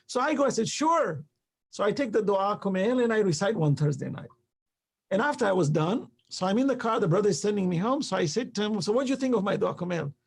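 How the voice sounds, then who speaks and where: A middle-aged man telling a story in a live discussion, acting out the dialogue with lively energy. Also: high-pitched, fast talker, creaky, breathy edge. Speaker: guest speaker.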